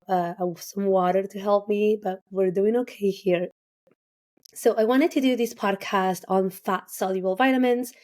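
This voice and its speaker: A woman hosts a podcast with a raspy, worn voice after losing it. She talks casually, looping through fillers and restarts. Her tone is dark and mellow. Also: mid-range voice. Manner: informal, many fillers and restarts. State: raspy, partly lost voice. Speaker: podcast host, registered dietitian.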